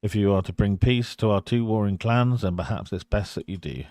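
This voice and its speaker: A man voicing a wary tribal chieftain who speaks in a measured, grave way. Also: fairly low pitch, a little mellow, no echo, clean studio sound, natural voice.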